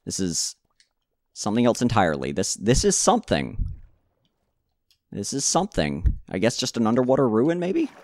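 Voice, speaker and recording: A man's voice: mid-range voice, huge pitch swings, normal speed, pauses often, darkish tone, no room sound, clean studio sound. A man casually commentating his own gameplay, rambling and talking to himself, with frequent stammered restarts and jokey self-mocking asides. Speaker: gaming channel host.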